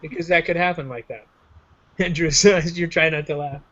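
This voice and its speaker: A man's voice: a little high, fairly even intonation, moderate pace, fairly bright tone. A man hosting a show in a casual joking chat, rambling and self-mocking over a video call. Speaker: show host. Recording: dull lo-fi online call audio.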